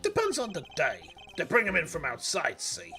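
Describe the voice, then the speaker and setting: A hard-bitten male prison boxer voiced by a man growls in a thick Bronx accent, gravelly and drawn out. His pitch swings widely from line to line. Game music plays in the background. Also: wildly swooping pitch, moderate pace, bright, forceful tone, heavily acted. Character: tough, gruff male prison inmate boxer.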